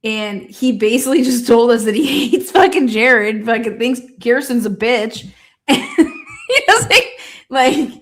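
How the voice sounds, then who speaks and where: Animated, profane woman commentating on a trial. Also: a little high, normal speed. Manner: animated, profane, laughs often. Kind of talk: casual live commentary.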